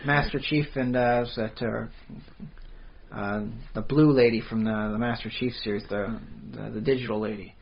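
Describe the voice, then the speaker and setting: A man's voice: medium pitch, fairly even intonation, highs cut off. A man co-hosting a podcast, making dry jokes in casual chat. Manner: wry, quick jokes and mock-archaic quips. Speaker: podcast co-host.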